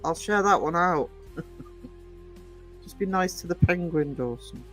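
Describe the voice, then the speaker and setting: A woman's voice: on the low side, moderate pace, soft background music, rough recording. A woman from northern England hosting a casual live stream, chatty, reading out the chat and laughing often. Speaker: livestream host.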